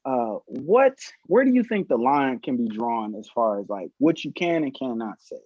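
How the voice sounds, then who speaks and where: A man hosting a casual podcast discussion, steering the talk with questions in a measured way. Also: mid-range voice, big pitch swings, dry recording. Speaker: podcast host. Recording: dull lo-fi, dry sound.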